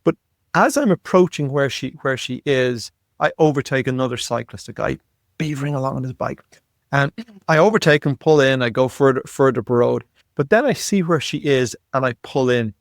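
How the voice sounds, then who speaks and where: A man in his fifties, a podcast guest, telling a story in an animated way and often repeating words as he goes. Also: medium pitch, a little fast, no room sound, studio quality. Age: 50s. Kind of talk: storytelling in conversation.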